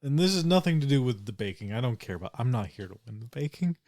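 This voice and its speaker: A man's voice: medium pitch, big pitch swings, quick pace, a little mellow, dry recording. A man playing Mavis, an older woman baker who hints at secrets in a conspiratorial way. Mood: secretive. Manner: cryptic, conspiratorial. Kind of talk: tabletop role-play.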